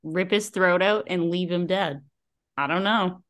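A woman co-hosting a podcast, chatting casually about a book, joking and laughing a lot with deadpan asides. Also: lowish voice, unhurried. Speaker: podcast co-host. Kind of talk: casual book review chat.

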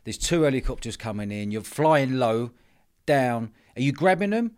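Lively podcast host. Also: male voice, mid-range voice, moderate pace, smooth. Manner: short eager reactions and follow-up questions. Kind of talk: casual interview.

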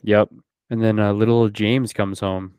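A man's voice: fairly low pitch, unhurried, clean tone, no echo. A man hosting a podcast, chatting casually about a film and animatedly acting out the characters' lines. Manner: animated retelling, acts out quoted lines. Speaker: podcast host. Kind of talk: casual movie discussion.

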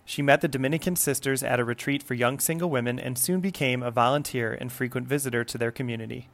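A man's voice: mid-range voice, steady tone, quick pace, vocal fry, a bit bright. Man reading a formal podcast intro. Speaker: podcast host and producer. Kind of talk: scripted introduction.

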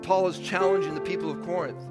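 A man in his fifties preaching a sermon as pastor, animated and acting out bits of dialogue in bursts. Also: high voice, fast talker. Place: church sanctuary. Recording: church hall reverb with faint music.

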